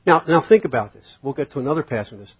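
Husky-voiced pastor preaching a sermon. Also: male voice, medium pitch, animated, racing. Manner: conversational, rhetorical questions, acts out quotes. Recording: dull lo-fi sermon recording.

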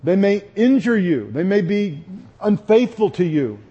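A man's voice: sits high, very animated, a little slow, dark tone, breathy edge, lo-fi sound. A man preaching a sermon in an earnest, conversational way. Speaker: pastor.

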